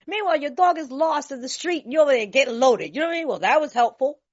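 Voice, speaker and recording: A woman from California sharing her story at a recovery meeting, blunt, animated and laughing, with streetwise talk. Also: high-pitched, fast talker. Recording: dull lo-fi recording.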